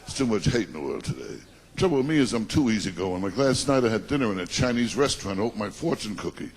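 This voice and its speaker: A stand-up comedian from Long Island, rattling off self-deprecating one-liners and teasing the crowd. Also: male voice, on the low side, big pitch swings, fast, slight background noise. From Long Island, New York. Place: comedy stage before a live audience. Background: audience laughter.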